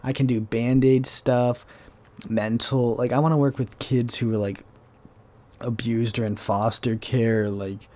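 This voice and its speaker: A man's voice: mid-range voice, little pitch movement, unhurried, a little mellow. Rambling young man. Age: young adult. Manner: rambling, profane, sarcastic. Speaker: podcast host. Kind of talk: casual solo monologue.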